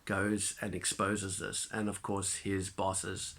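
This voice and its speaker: A man giving a casual spoken film review, retelling the plot in an animated way with many fillers and restarts. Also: low voice, takes it slowly.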